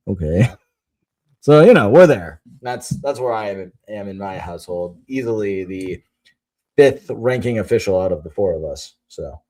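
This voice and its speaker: A man's voice: on the low side, animated, moderate pace, warm tone, no room sound. A man in his thirties co-hosting a podcast, telling family stories in casual chat and laughing at himself. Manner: laughs while telling stories, self-deprecating. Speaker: podcast co-host.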